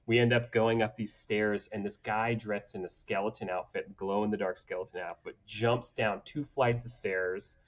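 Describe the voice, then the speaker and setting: A man's voice: lowish voice, fairly even intonation, normal speed, hardly any pauses, lo-fi sound. A man from Atlanta telling stories in a casual podcast chat, acting out quotes with laughter and swearing. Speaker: podcast guest.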